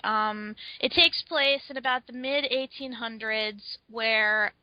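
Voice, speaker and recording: Woman, animated podcast co-host, playful, dry dull recording. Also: fairly high pitch, takes it slowly, no echo. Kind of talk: casual podcast chat.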